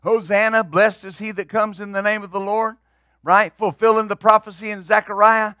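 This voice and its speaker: A man's voice: high voice, little pitch movement, normal speed, sharp tone, dry recording, studio quality. A man preaching as pastor, emphatic and building in bursts, often repeating words as he drives a point home. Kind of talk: sermon.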